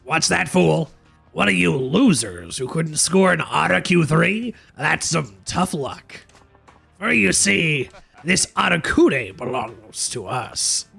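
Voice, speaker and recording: A man voicing a sneering male gangster thug in a video game, slow and menacing. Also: on the high side, creaky, pushed and bright, husky, full character voice.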